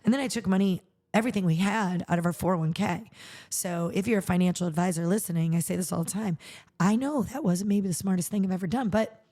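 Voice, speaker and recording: A middle-aged woman who founded a charity and hosts a podcast tells a personal story in conversation, her lowish voice mellow and fast. She acts out the quoted dialogue with animation.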